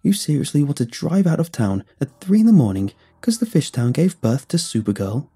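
A man's voice: fairly high pitch, very animated, fairly quick, mellow, husky, pitched above the performer's own voice, heavily acted. A man voicing a blunt, mocking skeptic, scornful and brash.

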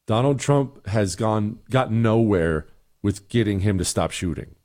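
A man's voice: fairly low pitch, a little slow, darkish tone. Man, middle-aged, talk host, emphatic, sarcastic, repeats himself. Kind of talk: opinionated commentary and listener emails.

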